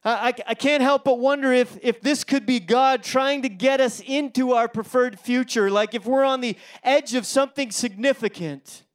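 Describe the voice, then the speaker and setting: A man's voice: extremely high pitch, moderate pace, few pauses. A male pastor preaching a sermon, telling a story in a chatty way with fillers and restarts.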